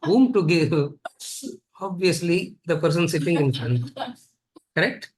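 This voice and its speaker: A man's voice: on the high side, animated, measured pace. A man with an Indian accent teaching a spiritual lecture class, repeating points emphatically and teasing his students. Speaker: Vedanta teacher.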